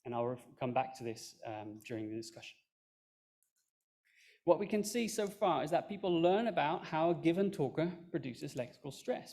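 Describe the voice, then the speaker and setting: Gravelly-voiced man giving a research talk. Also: a little high, warm tone. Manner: explanatory, with fillers and self-corrections. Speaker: conference speaker. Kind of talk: academic talk.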